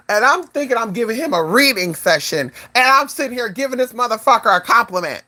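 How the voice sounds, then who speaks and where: Lively livestream voice, bright tense tone, dry close sound, profane, chatty spiritual advisor. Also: brisk, few pauses, no echo. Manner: animated, swears freely, calls viewers "y'all" and "honey"; swings into high exclamations. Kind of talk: casual livestream chat with viewers.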